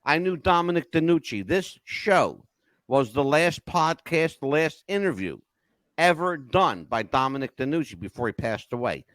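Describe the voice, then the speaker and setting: Animated older man telling stories. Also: a little high, normal speed, no room sound. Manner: animated storyteller, emotional swings. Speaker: podcast host. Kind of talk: casual chat.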